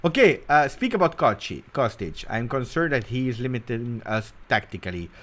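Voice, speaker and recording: A man hosting a casual football talk show, animated and teasing, jumping between loud bursts and quiet mutters. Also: medium pitch, normal speed. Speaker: football channel host. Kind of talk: casual live commentary.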